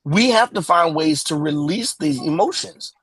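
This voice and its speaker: Impassioned man with a husky voice. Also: on the high side, animated, moderate pace, a bit bright, dry recording. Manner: emphatic, impassioned, voice rising at times. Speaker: panelist. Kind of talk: talk show discussion.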